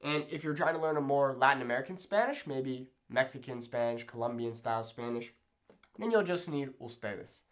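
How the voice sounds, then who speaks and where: A man's voice: mid-range voice, fairly quick. A young man giving a chatty whiteboard lesson, upbeat and often checking in with "okay?". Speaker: Spanish teacher. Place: room with a whiteboard.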